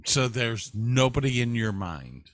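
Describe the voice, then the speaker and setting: A man co-hosting a casual chat, asking his partner questions at an unhurried pace. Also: mid-range voice, big pitch swings, a bit bright, dry recording, studio quality. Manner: leads with questions, slow and drawn out.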